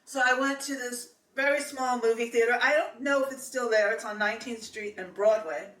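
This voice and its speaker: A woman's voice: fairly high pitch, fairly quick, a bit bright. A middle-aged woman tells a personal story in a chatty, meandering way. She doubles back with fillers and restarts as she goes. Her voice sits in an echoey room, a little distant from the mic.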